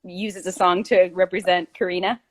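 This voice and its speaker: A woman's voice: lowish voice, flat delivery, a little fast. A woman chatting casually on a live stream, teasing and rambling and reading out viewer questions. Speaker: actress.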